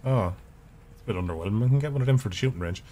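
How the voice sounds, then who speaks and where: A man's voice: fairly low pitch, animated, racing, warm tone, a little hiss or hum. A man streaming a video game, giving casual, profane and rambling commentary with jokes as he plays. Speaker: gaming streamer.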